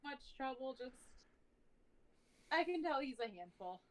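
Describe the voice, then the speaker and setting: A woman's voice: high-pitched, expressive, measured pace, fairly bright tone, low-quality recording. A woman playing a tabletop game who talks casually and hesitantly with many fillers. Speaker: player. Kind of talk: in-character roleplay.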